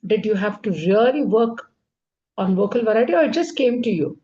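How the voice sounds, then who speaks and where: A woman hosting an online interview, asking questions in a gentle, hesitant way over a video call. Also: mid-range voice, expressive, normal speed. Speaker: interview host. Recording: muffled call audio.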